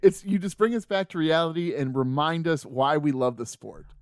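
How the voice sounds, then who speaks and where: A man's voice: a little high, moderate pace, no room sound, studio quality. A man co-hosting a casual sports podcast, teasing his partner and laughing often. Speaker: podcast co-host.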